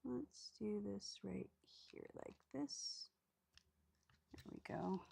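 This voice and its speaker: A woman's voice: mid-range voice, slow, creaky, mellow, breathy edge, no echo. A woman hosting a casual crafting video, chatty and self-mocking, often dropping to a murmur as she works. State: hiccups. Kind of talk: casual craft tutorial chat. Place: craft table indoors.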